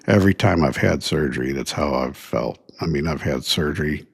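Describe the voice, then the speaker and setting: A man's voice: very deep voice, a little fast, gravelly, slightly rough. A middle-aged man, tired and sore after surgery, casually recounting events as a podcast host with lots of fillers. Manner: rambling, many fillers, retells dialogue. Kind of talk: casual first-person storytelling.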